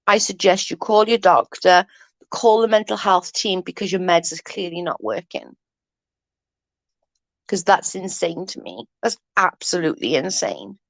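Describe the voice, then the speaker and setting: A woman's voice: on the low side, expressive, unhurried, vocal fry, dry recording. Chatty yawning woman live-streaming. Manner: chatty, yawning, says "allegedly" often. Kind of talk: casual live-stream chat reading comments.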